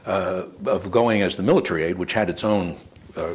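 A man interviewing, asking probing questions with halting restarts. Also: sits low. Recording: faint background noise.

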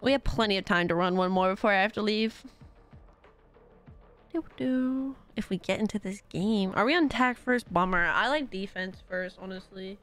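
A woman's voice: medium pitch, moderate pace, fairly bright tone, faint music behind. A young woman streaming a game, chatting casually and reacting to her chat in a bubbly way. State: out of breath. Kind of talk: casual chat while gaming.

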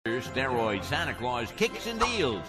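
An actor playing an excitable male cartoon baseball announcer, shouting booming play-by-play. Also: takes it slowly. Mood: hyped. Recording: loud music behind.

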